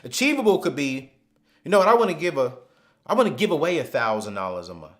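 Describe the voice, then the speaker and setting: A man hosting a live finance webinar, speaking emphatically and repeating phrases, sometimes dropping to a hushed storytelling voice. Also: a little high, sing-song, quick pace. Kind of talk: live motivational money teaching.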